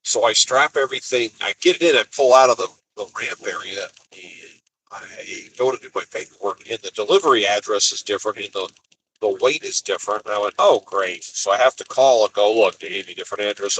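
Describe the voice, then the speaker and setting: A lowish, bright-edged voice from a man talking to the camera while he drives his van. He tells his story in a casual, exasperated way and acts out the people he quotes. A faint hiss runs under the voice. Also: brisk, low-quality recording. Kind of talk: casual driving vlog monologue. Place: inside a cargo van on the highway.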